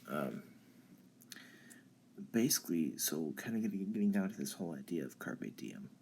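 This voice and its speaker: Very deep, gravelly-voiced man rambling casually. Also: big pitch swings, darkish tone, slight background noise. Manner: halting, many ums and restarts. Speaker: channel host. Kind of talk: casual philosophy talk on a live stream.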